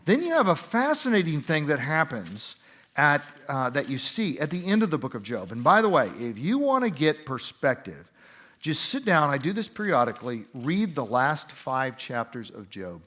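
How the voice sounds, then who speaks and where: A man answering interview questions in a conference center, explaining scripture in an animated, emphatic conversational way with quick asides. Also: fairly high pitch. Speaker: interview guest, Bible teacher.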